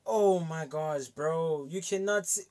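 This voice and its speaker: A man hosting a reaction video, talking casually with excited exclamations and repeated praise. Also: fairly high pitch, takes it slowly.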